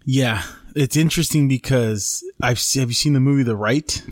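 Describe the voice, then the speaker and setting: A man's voice: mid-range voice, moderate pace, no room sound, studio quality. A man co-hosting a podcast, chatting casually and reacting in short exclamations. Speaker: podcast co-host. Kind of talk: casual chat.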